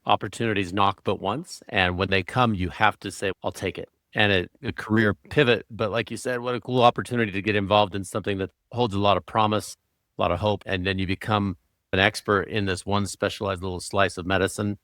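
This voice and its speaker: A man's voice: on the low side, steady tone, a little fast, fairly bright tone, dry recording, clean studio sound. A man hosting a doctors' podcast, asking questions in an encouraging, conversational way.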